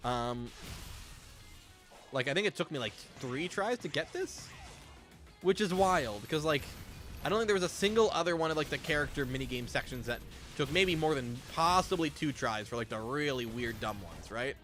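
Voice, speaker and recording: A man's voice: a little high, expressive, moderate pace, a bit bright, faint music behind. A young man chatting casually while streaming a game, rambling and swearing freely. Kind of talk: casual gameplay commentary.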